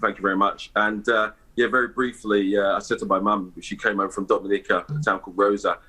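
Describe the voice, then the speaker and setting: Speaking as an award ambassador on a live broadcast interview, this middle-aged East London man hesitates, filling gaps and restarting often. He talks fast in a flat, lowish voice with a sharp tone and slight roughness, and the recording is rough.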